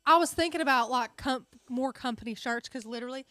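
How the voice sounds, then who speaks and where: A bubbly woman chats and jokes about herself from behind the camera. Her voice sits somewhat high, and the sound is dry and close with no room around it. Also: fairly quick, fairly bright tone, no room sound. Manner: bubbly and self-deprecating. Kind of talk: casual chat.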